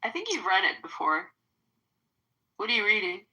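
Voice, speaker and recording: A woman in casual podcast chat, giggly and animated. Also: medium pitch, normal speed, poor audio.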